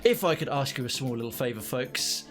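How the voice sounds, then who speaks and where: A man's voice: mid-range voice, lively intonation, fairly quick, faint music behind. A man streaming live, reading a story and chatting to viewers in a rambling, self-correcting way.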